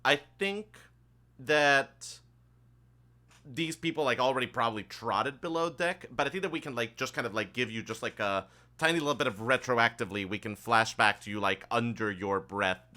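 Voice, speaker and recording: A man's voice: medium pitch, normal speed, bright, forceful tone. A man running a tabletop game as game master, explaining casually with lots of fillers.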